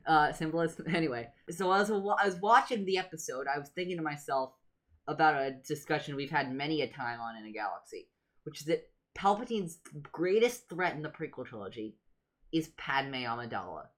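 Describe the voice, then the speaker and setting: A woman co-hosting a podcast in casual discussion, animated and jokey, slipping into quoted lines. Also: deep voice, a little fast. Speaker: podcast co-host.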